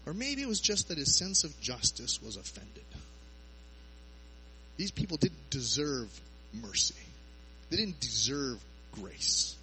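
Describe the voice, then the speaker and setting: A man's voice: mid-range voice, sing-song, slow, bright, forceful tone, slight background noise, rough recording. A man preaching a sermon in a conversational way, asking his listeners rhetorical questions.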